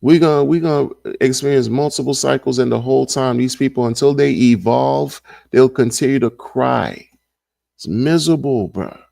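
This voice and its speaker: A man's voice: mid-range voice, normal speed, gravelly, mellow, no echo, studio quality. A man hosting a casual livestream and reading the chat, talking in an emphatic, slangy way and repeating his points over and over. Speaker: crypto livestream host.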